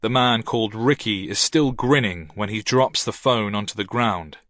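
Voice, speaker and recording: Guy reading a thriller audiobook, lowish voice, super dry studio sound. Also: moderate pace, a bit bright, dry recording. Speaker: audiobook narrator. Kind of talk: scripted narration.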